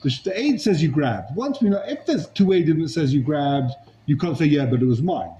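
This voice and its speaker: A man's voice: fairly high pitch, sing-song, brisk, dark tone, muffled recording, a little hiss or hum. A man teaching a Talmud class, arguing a legal case with rhetorical questions and Hebrew and Aramaic terms.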